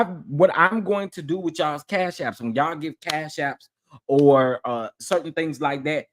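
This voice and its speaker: A man hosting a casual live stream, talking in a sassy, animated way and repeating phrases for emphasis. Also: fairly high pitch. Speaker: livestream host.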